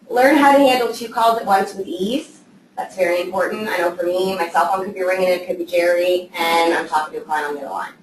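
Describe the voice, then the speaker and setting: This real estate assistant trainer talks fast in a low-leaning voice, keeping her live group session casual and conversational. She checks in regularly with "okay?", and the echoey room picks her up from far away amid faint noise.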